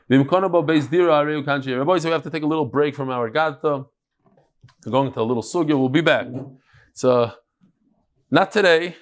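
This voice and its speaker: A man teaching a Talmud class in a lively, chatty lecturing style, mixing in Hebrew and Yiddish terms. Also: a little high.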